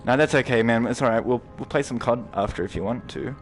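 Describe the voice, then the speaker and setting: A young man giving live gameplay commentary to his chat, rambling, swearing freely and jumping into loud outbursts. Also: mid-range voice, fast talker, soft background music. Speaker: streamer.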